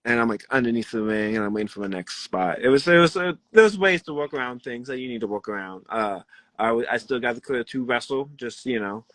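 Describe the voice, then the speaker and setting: Young male wrestler guest, rambling animated storyteller, bright tense voice, dry close sound. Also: mid-range voice, fast talker, dry recording. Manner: rambling, animated, laughs often, acts out quotes. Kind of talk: casual interview storytelling.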